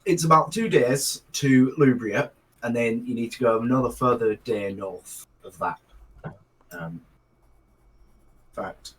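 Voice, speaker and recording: A man's voice: mid-range voice, unhurried, long pauses, rough recording. A man running a tabletop role-playing game as game master, talking hesitantly with many fillers and restarts. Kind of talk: narrating a tabletop game and voicing a mage.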